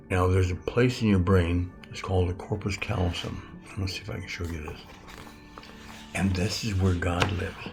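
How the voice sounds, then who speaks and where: A man in his seventies giving a rambling, halting spiritual lesson, often correcting himself. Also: low-pitched, vocal fry, a little mellow. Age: 70s. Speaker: self-styled metaphysics teacher.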